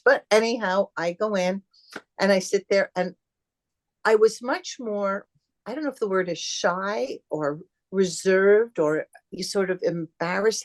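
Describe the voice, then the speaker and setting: A middle-aged woman, a podcast guest, telling her story in a casual, animated way and acting out remembered conversations. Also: mid-range voice, a little slow. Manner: animated, acts out quoted dialogue.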